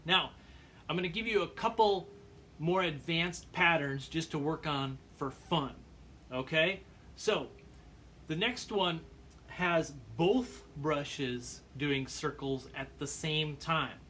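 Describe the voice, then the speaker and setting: A man giving a percussion lesson, calmly explaining brush patterns and counting beats aloud. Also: a little high, takes it slowly, a little hiss or hum. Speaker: percussion teacher. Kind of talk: instructional demonstration.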